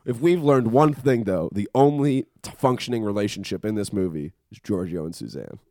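A man's voice: lowish voice, expressive, brisk, mellow, no echo, studio quality. A man co-hosting a podcast, casually recapping a movie, laughing often and chiming in with agreement. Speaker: podcast co-host.

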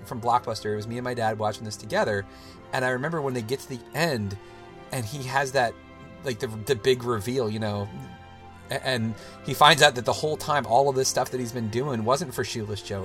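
A podcast host in his thirties talks loosely in a casual chat, rambling with lots of "like" and frequent restarts. His mid-range voice has a fairly bright tone.

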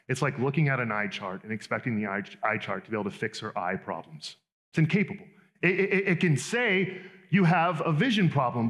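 Animated conversational male preacher. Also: on the high side. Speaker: pastor. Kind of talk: sermon.

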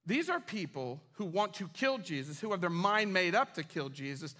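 A pastor preaching a sermon in church, telling the story in a casual, humorous, animated way. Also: male voice, high-pitched, normal speed.

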